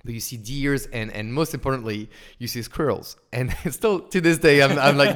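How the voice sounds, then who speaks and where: A man's voice: medium pitch, moderate pace, few pauses. French-accented young man telling stories. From France. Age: 20s. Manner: animated storyteller, frequent fillers and restarts. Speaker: guest. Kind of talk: casual interview chat. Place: indoors over wine.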